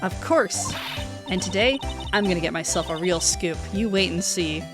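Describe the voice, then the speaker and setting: A woman streamer voicing a brash woman paranormal photographer, loud and chummy, over game music. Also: lowish voice, moderate pace, lightly acted.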